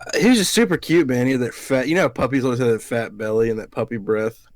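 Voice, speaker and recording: A man's voice: medium pitch, fast, no room sound. Profane rambling podcast guy from Alabama. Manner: profane, rambling storyteller who acts out quotes. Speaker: podcast co-host. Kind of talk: casual chat.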